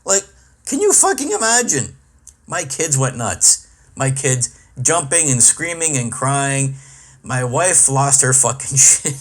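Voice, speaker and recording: A man's voice: mid-range voice, very animated, slow pace, fairly bright tone, slight background noise. A middle-aged man hosting a podcast, ranting in a profane, exasperated comic monologue. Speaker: podcast host and comedian.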